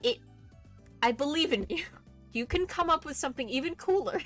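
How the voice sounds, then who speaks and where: A woman's voice: high voice, expressive, brisk, long pauses, fairly bright tone, faint music behind. A young woman streaming a game, chatting casually with laughing asides and the odd swear. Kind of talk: casual gaming commentary.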